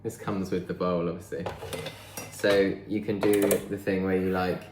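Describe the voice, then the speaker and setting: Baking in his home kitchen, a vlogger keeps up a casual, rambling chat, thinking aloud throughout. His low-pitched voice is flat in delivery and normal in speed, with an echoey room and background noise.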